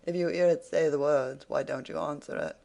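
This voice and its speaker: A man's voice: a little high, fairly even intonation, fairly quick, vocal fry, darkish tone. A man reading an audiobook, voicing a blunt, impatient man who speaks in short, irritable bursts. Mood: snappish. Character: curt, impatient man, snappish craftsman.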